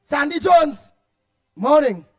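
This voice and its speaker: Trinidadian male radio host, very high pitch, animated and rambling. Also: takes it slowly. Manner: animated, repetitive, laughs often, loud outbursts. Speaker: radio talk show host. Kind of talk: casual radio chat reading listener comments.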